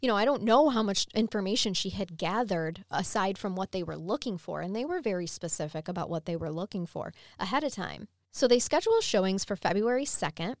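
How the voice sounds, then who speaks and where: A woman's voice: mid-range voice, fairly quick, few pauses, no echo, studio quality. Chatty woman telling a true-crime story. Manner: chatty, animated, laughs often. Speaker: podcast co-host.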